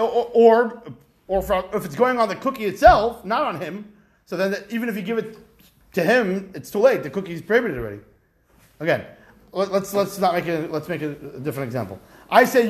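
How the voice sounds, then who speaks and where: A man leads a Talmud class in an animated, rhetorical way, acting out little scenes as he explains. His voice sits high and swoops widely. The room around him is echoey. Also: fairly quick. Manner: animated, rhetorical, acts out examples. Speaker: Talmud teacher.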